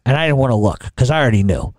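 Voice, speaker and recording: Middle-aged male podcast host, loose profane storyteller, mellow tone. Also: medium pitch, sing-song, rapid-fire, dry recording. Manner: profane, rambling, with many restarts. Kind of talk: casual storytelling.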